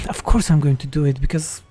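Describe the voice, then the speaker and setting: A man's voice: on the high side, normal speed, dark tone, husky, soft background music. A man from Poland with a Polish accent, a game mod developer reading chat questions aloud and answering them bluntly and jokingly on a livestream.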